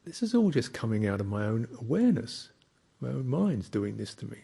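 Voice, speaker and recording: A man, a Buddhist monk, giving a slow, reflective dharma talk with thoughtful pauses. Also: medium pitch, sing-song, creaky, warm tone, slightly rough.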